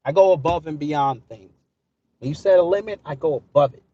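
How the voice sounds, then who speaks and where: A man with a high-pitched voice talks back to his chat while driving, sarcastic and combative. The sound is dull and lo-fi, caught on a phone inside the car. Steady road noise runs clearly underneath him. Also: fairly quick. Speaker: streamer answering live chat. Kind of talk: live-stream commentary while driving.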